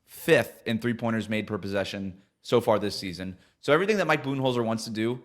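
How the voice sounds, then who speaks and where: A man's voice: fairly low pitch, fast. A man co-hosting a sports podcast, talking through team stats in a casual, analytical way and laughing easily. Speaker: podcast co-host.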